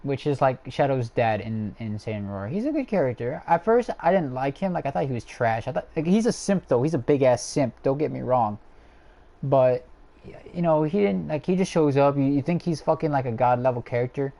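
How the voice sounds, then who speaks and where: A man's voice: medium pitch, lively intonation, a little fast, creaky, mellow. A young man hosting a livestream from home, ranting casually and profanely with many fillers and restarts. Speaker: livestream host ranking characters.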